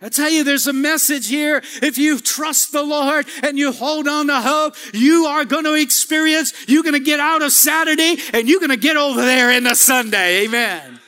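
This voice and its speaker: In a church sanctuary full of long hall reverb, a pastor delivers a sermon in a high, bright voice. He speaks at normal speed with few pauses, leading call-and-response that builds into shouting.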